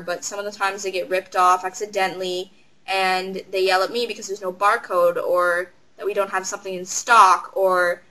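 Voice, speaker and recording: A young woman with a bright, forward voice tells work stories in a casual vlog. She rambles and slips into quick impressions of the customers she quotes. Her pitch sits in a middle range for a woman. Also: rough recording. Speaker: retail cashier.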